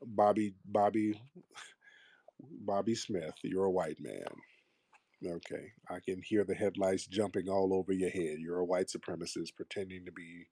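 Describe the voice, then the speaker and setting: A man's voice: deep voice, fairly even intonation, normal speed, warm tone, husky, no room sound. A man hosting a call-in talk show, blunt and combative, mocking his callers. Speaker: host.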